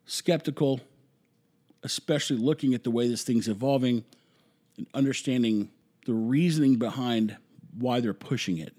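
A man delivers an opinionated monologue in a voice of ordinary pitch. He talks emphatically and rambles, hammering words through repetition. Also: a little mellow, slightly rough. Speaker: commentary host.

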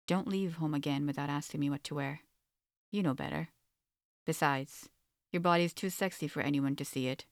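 A woman's voice: low-pitched, a little fast, creaky, dry recording, studio quality. A woman reading the lines of a sly, controlling husband with a drawl in a story. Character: sly controlling Southern husband, adult man.

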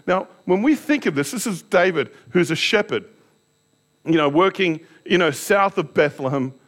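A man preaching a sermon in a fairly high voice. He tells stories against himself with candor and keeps turning to his listeners with rhetorical questions. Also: animated, normal speed. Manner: candid, self-deprecating storytelling with rhetorical questions. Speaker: pastor.

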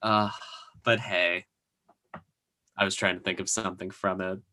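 Guy with a bright tense voice, chatty rambling recap, lots of likes and ums. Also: sits low, little pitch movement, a little slow. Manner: rambling, filler-heavy retelling. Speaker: podcast co-host recapping a TV episode. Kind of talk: casual chat.

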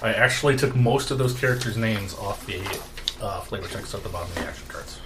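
A man's voice: lowish voice, quick pace. Game master man over a noisy background. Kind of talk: narrating a tabletop game. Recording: noisy home recording.

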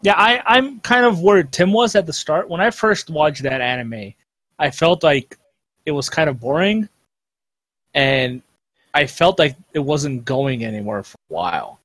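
A man's voice: on the high side, lively intonation, measured pace, fairly bright tone, dry recording. A man chatting casually on a podcast, rambling with lots of fillers and restarts. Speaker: podcast co-host. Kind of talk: casual chat.

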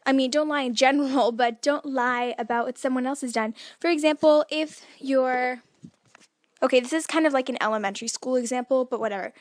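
High-voiced woman podcast co-host. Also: brisk, no room sound. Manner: chatty, laughs lightly, self-correcting. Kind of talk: casual faith podcast talk.

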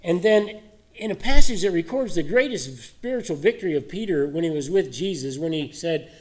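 A man's voice: fairly high pitch, a little fast, a little mellow. Man preaching in a conversational way. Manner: conversational, asks many rhetorical questions. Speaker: pastor. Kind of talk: sermon.

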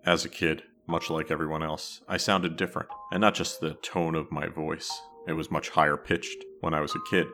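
Male podcast host from New Jersey, low voice, wry storyteller, faint music underneath. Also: level tone, normal speed, few pauses, bright, forceful tone. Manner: storytelling, wry and self-deprecating. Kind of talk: scripted podcast narration.

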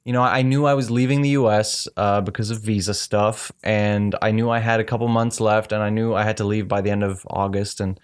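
A man chatting casually in a relaxed way, with frequent fillers. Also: lowish voice, a little fast, hardly any pauses, smooth. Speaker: conversation partner. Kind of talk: casual chat.

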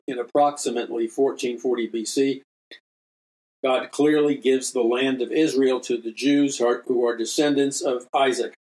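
A man's voice: mid-range voice, darkish tone, rough recording. A man, a minister and radio host, reading from his own book and adding earnest, emphatic commentary with frequent restarts.

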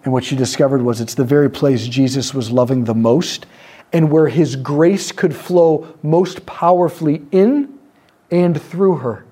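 A man's voice: fairly high pitch, mellow, slightly rough. A man giving a teaching talk on prayer to a group, telling a story and voicing the people in it. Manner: storytelling, acts out quoted voices, lets pauses land. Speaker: speaker teaching on prayer ministry. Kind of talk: sermon-style talk to a live group.

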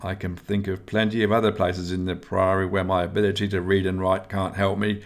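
Man voicing a young male squire, whiny, plaintive, raised pitch, storybook reading. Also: sing-song, moderate pace. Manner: plaintive, complaining.

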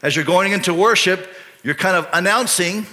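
A man's voice: sits high, moderate pace, pushed and bright. A male pastor preaching a casual, conversational sermon full of rhetorical questions. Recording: long hall reverb.

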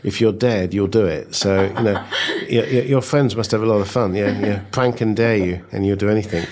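A man's voice: fairly low pitch, normal speed. A man hosting a podcast, asking questions in a teasing, playful way. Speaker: podcast host. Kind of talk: casual chat.

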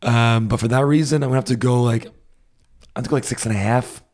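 A man's voice: medium pitch, steady tone, fast, a little mellow. A man co-hosting a casual podcast, easygoing and stammering a little when he restarts. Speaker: podcast co-host. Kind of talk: casual chat.

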